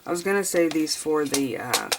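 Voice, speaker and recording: A woman chatting casually as she crafts, thinking out loud and sniffling a bit. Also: deep voice, lively intonation, moderate pace, heavy background noise. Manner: chatty, thinks aloud while crafting, addresses viewers as you guys. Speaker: craft tutorial host. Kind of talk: casual crafting tutorial chat.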